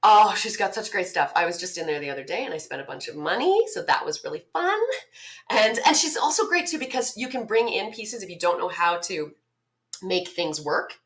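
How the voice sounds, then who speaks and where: Bright, bubbly woman with morning voice. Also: mid-range voice, expressive, brisk. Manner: bubbly, enthusiastic. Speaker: guest. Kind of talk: casual interview chat. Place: home.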